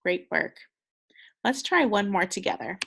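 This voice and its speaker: Young woman, grade-school teacher, unhurried delivery, slight vocal fry, patient, encouraging phonics lesson. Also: medium pitch, animated, fairly bright tone. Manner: patient, encouraging, carefully sounding out words. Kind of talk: recorded phonics lesson for children.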